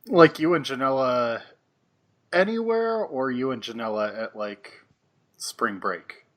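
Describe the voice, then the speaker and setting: A man hosting a casual podcast chat, easygoing, quick to laugh and asking probing follow-up questions. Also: medium pitch, animated, a bit bright. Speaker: podcast host.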